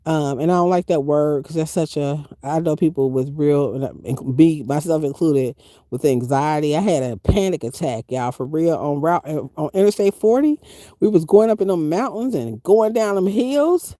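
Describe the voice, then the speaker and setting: A middle-aged woman with a low-pitched voice live-streams from inside her van as a van-dwelling travel vlogger, speaking at normal speed. She's animated and chatty, reading viewer comments aloud and using Southern Black vernacular grammar. The sound is clean studio quality with no room sound.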